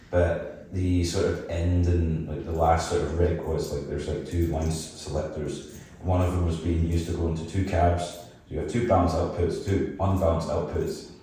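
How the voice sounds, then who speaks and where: A young man with a broad Edinburgh Scottish accent talks in a rambling, self-deprecating way and laughs often. His voice sits extremely low. It is recorded from some distance in a very roomy, echoey space. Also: dark tone, slight background noise. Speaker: band vocalist guest. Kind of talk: casual podcast chat. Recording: roomy echo, mic at a distance.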